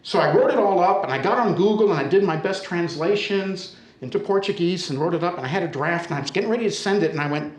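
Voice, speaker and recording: An American man telling a humorous story live to an audience, in a conversational, animated way, often checking in with his listeners. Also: sits high, fast. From United States. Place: storytelling center, indoor stage. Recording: roomy echo of a hall.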